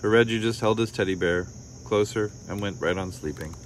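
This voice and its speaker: A man with a lowish voice reads a children's story aloud in a gentle, unhurried way. He nudges his voice higher and brighter for the children's questions and replies. Faint crickets chirp behind him. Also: slight background noise. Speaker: storybook reader. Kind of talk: reading a picture book aloud.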